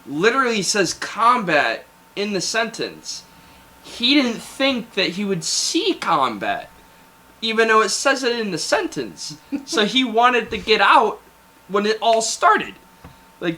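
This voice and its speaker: A young man casually telling animated stories about basic training, often breaking into laughter. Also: high-pitched, slight background noise. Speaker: guest. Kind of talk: casual storytelling.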